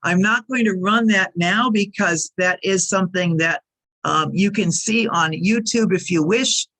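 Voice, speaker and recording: Woman teaching slow drilled English phrases. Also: mid-range voice, fairly bright tone. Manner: careful, repeats example sentences for learners. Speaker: ESL teacher. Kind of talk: slow clear teaching narration.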